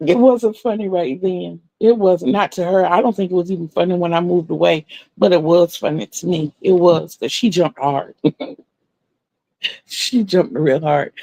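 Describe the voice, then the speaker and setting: A middle-aged woman, telling animated stories on her crochet livestream, laughing often and acting out the voices of the people she quotes. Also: on the low side, dry recording. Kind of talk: casual storytelling chat.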